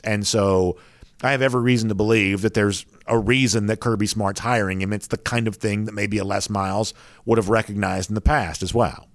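A man's voice: on the low side, no echo. A man co-hosting a casual sports talk show in a wry, chatty way. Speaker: sports podcast co-host.

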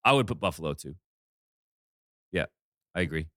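A man hosting a casual sports betting chat, talking fast in animated bursts. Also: extremely low pitch, no room sound, studio quality. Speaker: sports betting podcast host.

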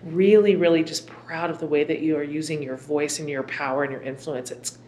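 A woman hosts a podcast interview in an effusive, enthusiastic way. Her voice sits a little low. She talks conversationally and reads sponsor spots in the same chatty tone. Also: fairly even intonation, brisk, mellow, slight background noise. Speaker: podcast host. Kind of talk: warm conversational interview and read ad.

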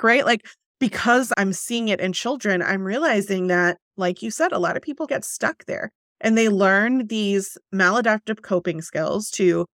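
A woman's voice: mid-range voice, fairly bright tone, no room sound, clean studio sound. A woman hosting a podcast, talking in a reflective, chatty way with lots of fillers. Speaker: podcast host. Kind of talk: conversational podcast interview.

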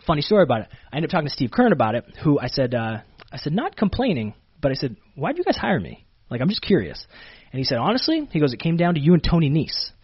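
Canadian-born wrestler guy, talks fast, husky voice, lotsa "like" and restarts, dull muffled recording. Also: fairly high pitch. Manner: animated storyteller, many fillers and restarts. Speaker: pro wrestler, interview guest. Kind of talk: casual interview storytelling.

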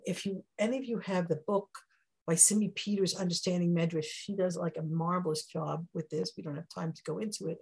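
A woman's voice: on the low side, darkish tone, husky. A woman teaching a Torah class in a conversational, heartfelt way. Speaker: Bible teacher.

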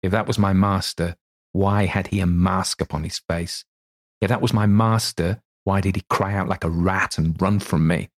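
A man's voice: low-pitched, steady tone, normal speed. A man reading aloud, voicing a loyal, frightened old male butler who speaks plainly and earnestly. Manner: earnest, plain-spoken servant's speech.

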